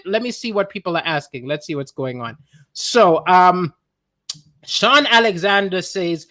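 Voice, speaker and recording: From home, a male comedian runs a casual livestream, reading viewer comments aloud and riffing on them. He's animated and playful, his pitch jumping up for emphasis, and the audio sounds like a webcam or phone mic in an indoor room.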